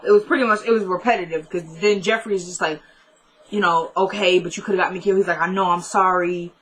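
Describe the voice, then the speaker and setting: A woman's voice: lowish voice, fairly even intonation, quick pace, fairly bright tone, poor audio. A woman casually recapping a TV episode in a chatty, opinionated way, talking back to the characters as she goes. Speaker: TV recap vlogger.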